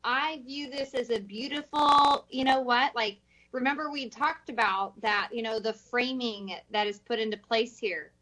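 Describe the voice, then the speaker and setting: A woman's voice: fairly high pitch, unhurried, few pauses, pushed and bright, low-quality recording. A woman co-host in a casual talk show chat, reflecting at length on a story.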